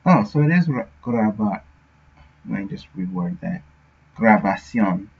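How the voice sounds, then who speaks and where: A man's voice: fairly low pitch, sing-song, normal speed, vocal fry, a little mellow, breathy edge. A man streaming his game development work, thinking aloud and sounding out words as he goes. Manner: muttering to himself, sounding out words. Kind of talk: thinking aloud while working. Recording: dull lo-fi audio.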